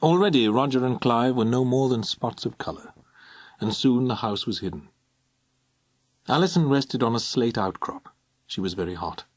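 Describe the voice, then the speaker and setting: A man narrating an audiobook in a measured, expressive reading. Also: medium pitch, dry recording. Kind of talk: scripted narration.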